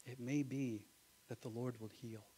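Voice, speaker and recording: A male pastor preaching a live Sunday sermon in church, swinging from loud exclamations to hushed asides and calling "Amen?" to the congregation. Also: medium pitch, fairly even intonation, unhurried, slightly rough, low-quality recording. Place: church sanctuary.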